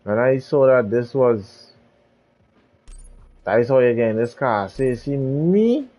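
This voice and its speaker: A man's voice: mid-range voice, fairly even intonation, a little slow, highs cut off. A man hosting a gaming channel, giving laid-back commentary while he drives, muttering and repeating himself. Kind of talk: casual gameplay commentary.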